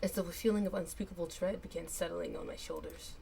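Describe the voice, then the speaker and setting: A woman streamer reading a game aloud and voicing its characters, animated, with a voice that cracks and goes raspy up high. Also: fast. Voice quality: raspy in higher register. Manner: animated, laughs often, voice cracks on high notes. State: hiccups.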